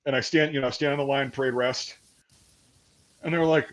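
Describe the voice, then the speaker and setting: A man's voice: medium pitch, brisk. A young man telling a rambling, profane story in casual chat and acting out the voices of the people in it. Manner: profane, animated storyteller, acts out quoted voices. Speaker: podcast host.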